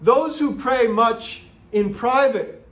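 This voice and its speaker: A man with a high voice preaches to his congregation in a slow, deliberate cadence. He is earnest and emphatic, leaning on rhetorical questions. The sound rings in a roomy church sanctuary. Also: a bit bright. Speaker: pastor. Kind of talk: sermon.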